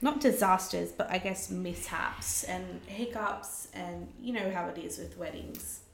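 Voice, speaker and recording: A woman's voice: fairly low pitch, unhurried, creaky, slight background noise. A woman hosting a casual podcast chat, a bridal makeup artist who tells stories bluntly and swears freely. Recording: roomy echo.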